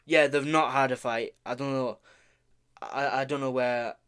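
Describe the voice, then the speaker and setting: A man's voice: mid-range voice, fairly even intonation, measured pace, fairly bright tone, clear, resonant tone. Rambling man talking fight picks. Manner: rambling, self-correcting, stumbles over names; swears casually, offhand humor. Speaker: vlogger making fight predictions. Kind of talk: casual predictions talk.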